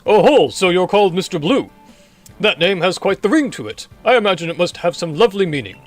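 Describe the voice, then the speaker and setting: A man's voice: sits high, expressive, brisk, faint music behind, voice pushed up. A man voicing a fussy, polite male professor in a video game, with courtly, old-fashioned phrasing. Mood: chatty.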